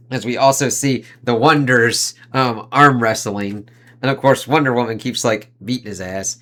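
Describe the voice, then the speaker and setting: A man's voice: medium pitch, unhurried, fairly bright tone. A young man giving a loose, casual spoken comic book review, peppered with swearing and "it's like" fillers, often reading the panels' dialogue aloud.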